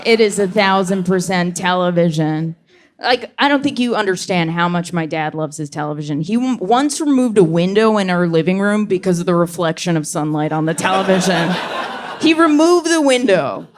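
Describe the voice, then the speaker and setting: A young woman performing a stand-up comedy set on a club stage, delivering deadpan punchlines and slipping into quick voices for the characters in her stories. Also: fairly low pitch, a little hiss or hum. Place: comedy club stage before a live audience.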